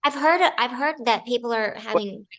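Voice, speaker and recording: Actress guest, woman, bright lively storyteller in a casual interview. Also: on the high side, moderate pace. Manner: animated, acts out other people's lines.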